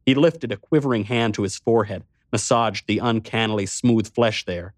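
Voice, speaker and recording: Low-voiced male audiobook narrator. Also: normal speed, hardly any pauses, no echo, studio quality. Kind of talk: first-person scripted narration.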